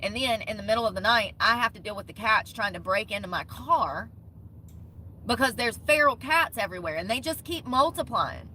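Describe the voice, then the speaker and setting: A woman's voice: fairly high pitch, lively intonation, a little fast, bright, forceful tone, slight background noise. A young woman vlogging about van life, telling an indignant, profane story in short bursts. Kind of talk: ranting vlog storytime.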